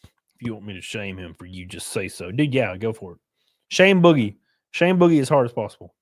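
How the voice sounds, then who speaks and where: A man's voice: on the low side, expressive, brisk. A man hosting a casual livestream, reading viewers' comments aloud and answering them in a loose, joking, rambling way. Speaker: livestream host reading chat.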